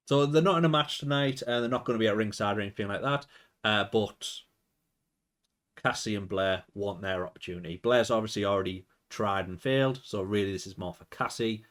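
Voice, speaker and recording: A man's voice: on the low side, a bit bright. A man giving casual, chatty commentary on his management game, rambling and thinking aloud.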